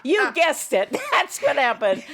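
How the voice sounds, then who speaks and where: A woman's voice: high-pitched, wildly swooping pitch, a little slow, a loud crowd. A woman on a comedy panel, telling a story in a sheepish, playful way and laughing as she talks. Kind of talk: casual comedy chat.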